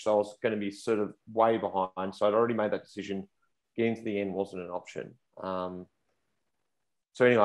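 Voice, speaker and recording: A low-voiced man in his thirties tells a story on a podcast in a casual, chatty way. He acts out what people said with bursts of raised, excited voices. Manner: animated, acts out quotes in raised voice. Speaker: podcast guest, pro cyclist.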